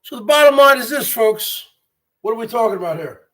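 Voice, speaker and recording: A man's voice: extremely high pitch, animated, brisk, fairly bright tone. A man hosting a livestream, ranting in an indignant, repetitive and emphatic way. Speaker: livestream host.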